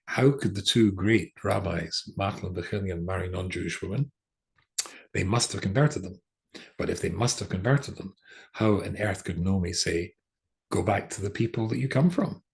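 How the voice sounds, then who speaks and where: An older rabbi teaching a class, his low voice gravelly with fry. He talks in a relaxed, storytelling way, pausing on fillers and restarting his sentences as he goes. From England. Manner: chatty, hesitant with many fillers and restarts. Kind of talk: storytelling lecture.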